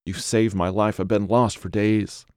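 A man's voice: lowish voice, little pitch movement, unhurried, darkish tone, smooth, no echo, clean studio sound. A man voicing a starving young man lost in the woods for days, talking in frantic, pleading bursts. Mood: grateful.

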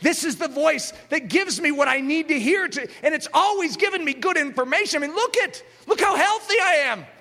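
A preacher voicing the mocking inner voice of doubt, with shouted warnings in a reverberant hall. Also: male voice, extremely high pitch, expressive, brisk, hardly any pauses, voice pushed up, heavily acted. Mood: smug. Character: scornful inner voice of doubt, male, adult.

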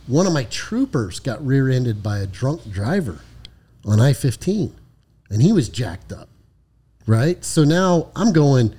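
A man, a former highway patrol lieutenant, telling a story casually on a podcast, swearing freely and tagging his lines with "right?". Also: sing-song, a little slow, mellow, husky. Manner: profane, frequent "right?" tag questions.

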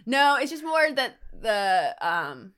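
A woman's voice: a little high, big pitch swings, slow, fairly bright tone, a little hiss or hum. A woman podcast host chatting through an episode recap in a loose, rambling way. She leans on "like" and "um" constantly and slips into silly put-on voices for the characters she quotes. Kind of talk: casual comedic recap chat.

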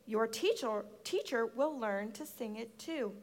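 A woman's voice: on the high side, measured pace, big-room sound, lightly acted. Woman reading as an encouraging mother.

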